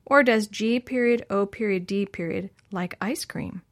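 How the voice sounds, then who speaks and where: A woman's voice: medium pitch, unhurried, close to an everyday voice. A woman voicing an earnest, thoughtful boy who speaks carefully.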